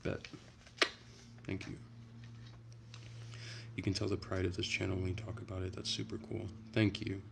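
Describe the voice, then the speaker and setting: Deep, gravelly young man chatting. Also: normal speed, pauses often, very noisy. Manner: relaxed, rambling, soft-spoken. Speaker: streamer reading chat. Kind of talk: casual late-night livestream chat.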